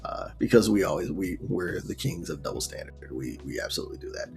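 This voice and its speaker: Low gravelly guy casually recapping a show, rambly, faint music underneath. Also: animated, fast, darkish tone. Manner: laid-back retelling, full of fillers and acted quotes. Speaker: show reviewer.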